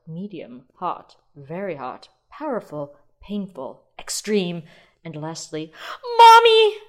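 A young adult woman hosting a solo podcast, chatting casually and rambling as she thinks out loud, with the odd swear word. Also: low voice. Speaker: podcast host.

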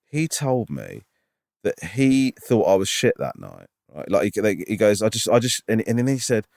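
A man's voice: fairly low pitch, sing-song, normal speed, vocal fry, a little mellow, no room sound, studio quality. A male stand-up comedian, rambling with lots of fillers as he tells an anecdote in casual chat.

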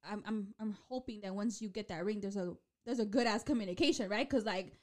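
A woman in her late twenties chatting casually as a co-host, animated and out of breath, swearing freely and slipping into Spanish. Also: medium pitch, fairly quick. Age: late 20s. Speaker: podcast co-host. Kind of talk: casual chat.

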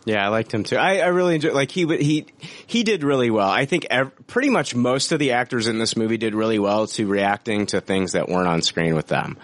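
A man hosting a podcast, talking excitedly about a movie and acting out lines from it. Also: medium pitch, a little fast, few pauses, dry recording. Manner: enthusiastic, acts out quotes. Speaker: podcast host. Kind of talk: casual movie discussion.

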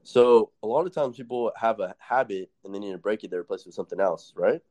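A young man hosts a casual podcast chat, laughing often as he tells rambling, profane stories. His voice is lowish and dark in tone, and he speaks fast.

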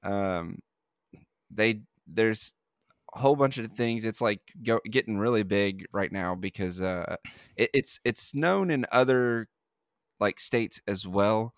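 Male podcast host, low voice, dry close sound, loose rambling delivery with fillers. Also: slow pace, clear, resonant tone, no room sound. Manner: rambling, with many fillers and restarts. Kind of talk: casual podcast chat.

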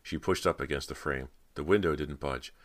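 A man narrating a horror audiobook in a measured, dramatic reading. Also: rumbling low.

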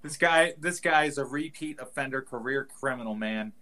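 A man's voice: medium pitch, moderate pace, bright, forceful tone. A man co-hosting a casual comedy podcast, riffing on the stories with jokey voices and laughs. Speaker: podcast co-host.

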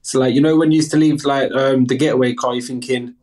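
A man's voice: mid-range voice, fast, few pauses, a little mellow. A man in his thirties with a South London accent, a guest speaking candidly and earnestly in a casual interview.

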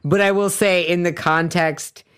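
A woman talks through a film scene with her co-host in casual podcast chat. Her voice sits a little low and sounds smooth and clear, and she narrates with energy and drops the odd curse. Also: a little slow. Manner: lively storytelling with casual swearing.

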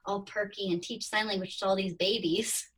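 A woman's voice: mid-range voice, steady tone, moderate pace, fairly bright tone, breathy edge. A woman in her thirties, a podcast guest, chatting through her story and acting out her own past thoughts. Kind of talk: casual interview storytelling. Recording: distant from the mic.

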